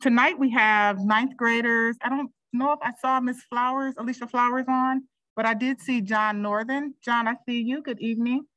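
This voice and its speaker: A woman's voice: a little high, fairly even intonation, normal speed, no echo, lo-fi sound. Dry-sounding woman at a virtual meeting. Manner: warm, appreciative, with frequent fillers. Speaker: school district administrator presenting. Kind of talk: virtual board meeting remarks.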